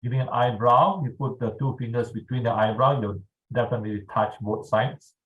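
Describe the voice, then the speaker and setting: A man leading a guided tapping exercise over a video call, speaking calmly and checking in often with his listeners. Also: mid-range voice, narrow, tinny audio. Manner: slow, calm instructional pacing with frequent "all right". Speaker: EFT tapping instructor.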